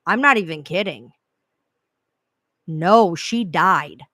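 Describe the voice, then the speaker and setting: A woman's voice: lowish voice, animated, slow pace, fairly bright tone, dry recording, clean studio sound. A woman who covers true crime, talking bluntly and with profanity in a casual chat.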